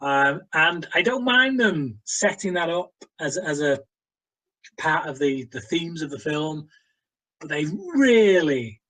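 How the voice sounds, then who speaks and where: A man's voice: a little high, animated, slow pace, bright, forceful tone, poor audio. A man co-hosting a casual film review chat, a blunt, exasperated critic who uses many fillers. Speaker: co-host of a film review show.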